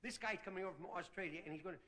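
A male comedian telling a rambling folksy stand-up monologue, slipping into quick character voices. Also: high voice. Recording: old TV recording, loud audience laughter. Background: live studio audience laughing.

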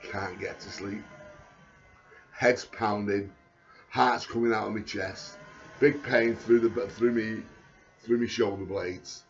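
A man, talking in a rambling video diary, halting and repetitive with many restarts, sounding anxious and panicky. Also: lowish voice, fairly even intonation, highs cut off.

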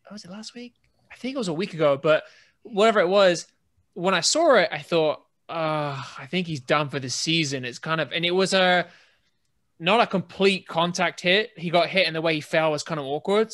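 A man's voice: fairly high pitch, brisk, fairly bright tone. A British man co-hosting a podcast, telling stories in a rambling, chatty way with many restarts. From England. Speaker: podcast co-host. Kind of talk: casual chat.

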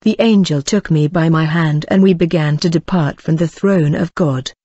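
A woman's voice: low-pitched, moderate pace, dark tone, breathy edge, no echo. A woman earnestly telling her religious testimony, speaking directly to her listeners. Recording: dull dry lo-fi recording.

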